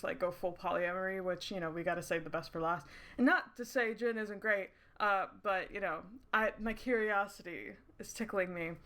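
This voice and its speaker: A woman with a slightly high voice chats her way through a game at her desk, rambling from thought to thought. She laughs easily and swears freely, with an off-the-cuff, unpolished manner. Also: fairly bright tone. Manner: rambling, giggly and profane. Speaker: streamer playing a romance game. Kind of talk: casual let's-play chat. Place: indoors at her screens under dim night lighting.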